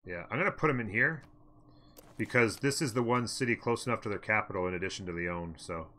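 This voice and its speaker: A man's voice: lowish voice, fast talker, pushed and bright. Man thinking aloud through his strategy game. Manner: chatty, muttering to himself, answering chat. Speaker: let's play host.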